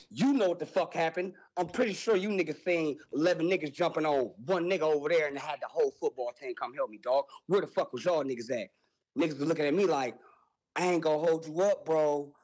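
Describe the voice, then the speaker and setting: Animated young man telling a wild story. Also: fairly high pitch, slight background noise, rough recording. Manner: animated, loud exclamations and sound effects, profane slang. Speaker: podcast host telling a story.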